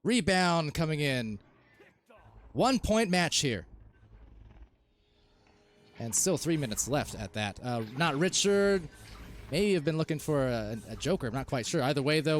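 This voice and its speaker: A man casting a live esports match, calling plays quickly and rising to shouts when goals are scored. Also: on the high side, a little hiss or hum. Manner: excitable, rises to shouts on goals. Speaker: esports caster. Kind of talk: live play-by-play commentary.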